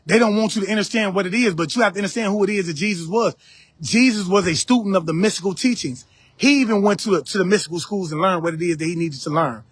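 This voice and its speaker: A man's voice: sits high, fast, slightly rough, dry recording. Preachy man lecturing on a live stream. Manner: preachy, repeats phrases, addresses viewers directly. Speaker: live-stream spiritual teacher.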